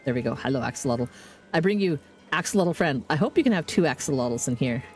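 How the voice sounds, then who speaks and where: A woman streamer in casual live gameplay commentary, chatty and excitable, rambling to herself at a desk mic. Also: very deep voice, fast, soft background music.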